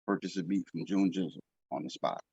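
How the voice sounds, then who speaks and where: Low husky guy telling a story on a video call, kinda muffled. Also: fairly quick, darkish tone, no echo. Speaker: guest. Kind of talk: casual chat on a video call.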